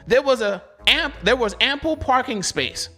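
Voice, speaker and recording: A man's voice: extremely high pitch, animated, normal speed, pushed and bright, soft background music. A man hosting a delivery-driver channel, talking casually with viewers, laughing often in slangy banter.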